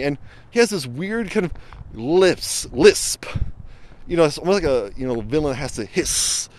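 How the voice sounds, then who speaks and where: A film reviewer stands outside next to a road, giving a loose, wandering review packed with fillers and false starts as vehicles pass. His voice is fairly high and very lively, at a moderate pace, with a slightly dark tone and a faint hiss or hum.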